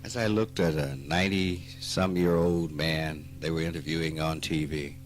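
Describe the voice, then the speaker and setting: A man with a Southern US accent giving a spiritual talk, slow and emphatic, teasing his listeners and rising into animated outbursts. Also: very deep voice. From Mississippi. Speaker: spiritual teacher. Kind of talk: spoken dharma talk. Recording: archive talk recording with faint music.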